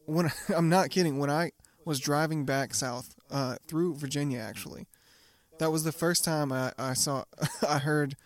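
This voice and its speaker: Young man, podcast co-host, casual chat, laughs a lot, swears, slightly high voice. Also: moderate pace. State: getting sick, off all day.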